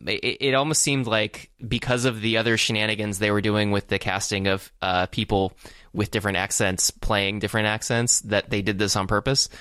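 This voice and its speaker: A man with a fairly low, smooth, resonant voice, talking through a film in casual podcast chat. He rambles, pauses on fillers and restarts his sentences. The sound is dry and close, with no room around it. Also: fairly bright tone, no room sound. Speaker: podcast co-host. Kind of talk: casual movie discussion.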